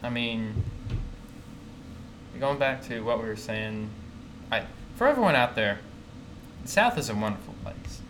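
A young man from the American South chats easygoingly as a podcast co-host, voice sitting at an everyday middle pitch. A clear hiss of room noise runs under the recording. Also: lively intonation, measured pace, pauses often, fairly bright tone, poor audio. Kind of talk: casual chat.

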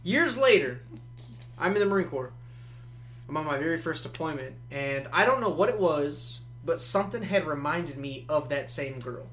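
A man's voice: fairly high pitch, animated, moderate pace, a bit bright, slight background noise. A man in his twenties telling a story in casual, profane podcast chat. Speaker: podcast guest.

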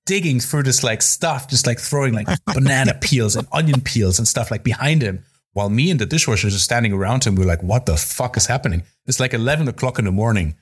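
A man's voice: mid-range voice, breathy edge. A man, a chef and podcast co-host, telling a story in casual chat, often laughing and swearing casually.

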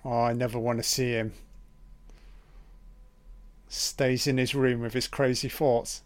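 A man talks through a film in a slow, unhurried drawl, dropping swear words into his running reactions. His voice comes across smooth and clean. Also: medium pitch, little pitch movement. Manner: profane, reactive running remarks. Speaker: film commentator. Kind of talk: casual audio commentary.

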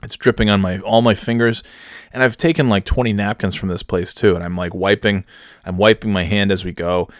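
A man's voice: lowish voice, steady tone, brisk, no echo, clean studio sound. Self-mocking man telling a rambling story. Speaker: comedian storyteller. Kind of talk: comic storytelling monologue.

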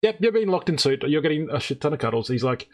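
A man's voice: fairly high pitch, very animated, quick pace, a little mellow. A man co-hosting a casual podcast, telling a joking story and cursing freely. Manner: joking, swears freely, quotes friends. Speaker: podcast co-host. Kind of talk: casual chat.

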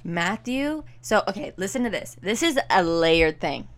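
A woman's voice: medium pitch, very animated, measured pace. A young woman co-hosting a casual podcast chat, opinionated and full of fillers. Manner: chatty, opinionated, filler-heavy. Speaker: podcast co-host.

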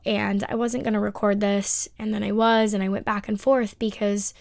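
Woman podcast host, sick and strained, rambling with ums, flat pitch, dry close sound. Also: vocal fry, no echo. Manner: reflective, rambling with ums and pauses. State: under the weather, voice strained. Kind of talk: unedited solo podcast monologue.

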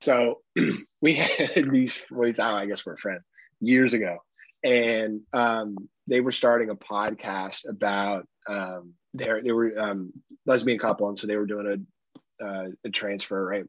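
A husky-voiced man co-hosts a podcast, spinning stories in a casual way and putting on the voices of the people in them. He laughs easily and swears freely. The sound is dry and a bit dull. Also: lowish voice, a little slow, no room sound. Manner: animated, acts out other people's lines, laughs often, swears casually. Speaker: podcast co-host. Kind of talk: casual storytelling chat.

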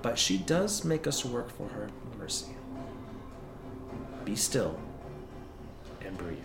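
A man voicing a calm, tired woman who leads a religious order, speaking soothingly and gently sternly. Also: fairly low pitch, slow, creaky, roomy sound, music in the background, full character voice.

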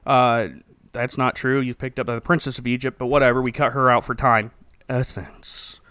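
A man recapping a movie for laughs, animated and often breaking into laughter. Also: mid-range voice, a little fast, clear, resonant tone, no room sound. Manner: animated, laughing, joking storyteller.

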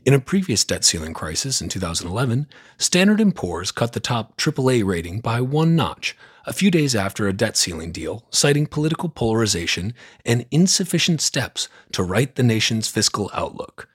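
A man's voice: medium pitch, sing-song, normal speed, husky. A man hosting a news roundup podcast, reading from a script in a blunt, sarcastic, opinionated way. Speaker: podcast host.

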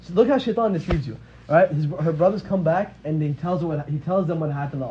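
With a fairly high pitch and a brisk pace, a twenty-something religious teacher tells a religious story casually and conversationally, frequently saying "right?". The audio is dull and lo-fi, with a faint hiss.

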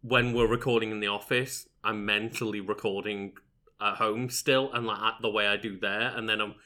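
A man co-hosting a podcast in casual chat, talking in a relaxed, hesitant way and swearing freely. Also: lowish voice, moderate pace. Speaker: podcast co-host.

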